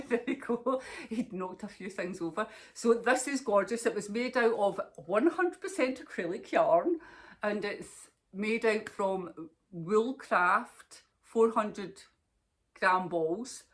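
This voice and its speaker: A woman hosting a knitting podcast, chatting casually and rambling on with gushing enthusiasm, filmed on her phone at home. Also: on the low side. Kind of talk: casual chat to camera.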